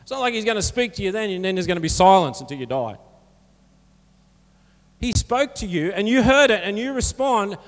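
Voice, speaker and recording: A man's voice: sits high, big pitch swings, fairly quick, long pauses. A man preaching a sermon as pastor, earnest and encouraging in a conversational way. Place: church hall. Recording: church hall reverb.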